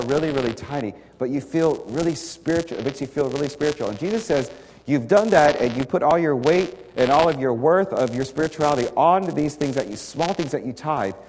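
A man's voice: fairly high pitch, darkish tone. Conversational man preaching in a hall. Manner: conversational, emphatic, repeats key words. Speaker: pastor. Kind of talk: sermon with slides. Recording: faint hall reverb and light noise.

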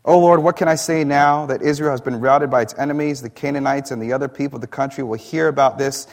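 A man's voice: mid-range voice, fairly even intonation. Man preaching a sermon. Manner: reads scripture slowly, then explains in plain conversational asides. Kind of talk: sermon with scripture reading.

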